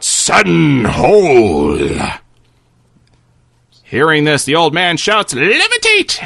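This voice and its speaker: A man's voice: high voice, fairly bright tone, dry recording, studio quality. A man narrating a comedic fantasy story in a theatrical, playful way.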